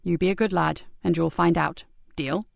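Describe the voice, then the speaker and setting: A woman narrator voicing a gentle male police sergeant who talks softly and reassuringly. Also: fairly high pitch, steady tone, moderate pace, vocal fry, dry recording. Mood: soothing. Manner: soft, reassuring, hushed.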